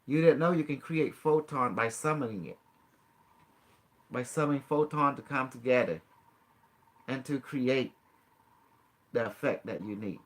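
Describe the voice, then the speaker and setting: Unhurried and leaving long pauses, a man with a medium-pitched, slightly bright voice walks a guest through a casual demonstration. He coaxes and instructs, laughs frequently, and speaks in broken, non-native grammar.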